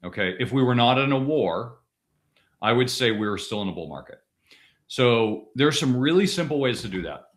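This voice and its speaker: Here is a male podcast co-host in a relaxed discussion who talks with insistent emphasis. He keeps circling back to the same point and restarts sentences as he goes, while his pitch sits in an ordinary middle range. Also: normal speed. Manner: emphatic, repeats key points, frequent restarts.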